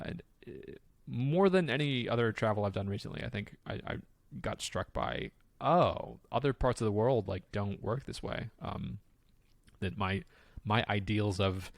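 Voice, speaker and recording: A man co-hosting a podcast, chatting casually and telling stories with lots of fillers, getting excitable as he goes. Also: on the low side, gravelly, no echo. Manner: animated, excitable storyteller with frequent fillers. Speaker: podcast co-host. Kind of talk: casual chat.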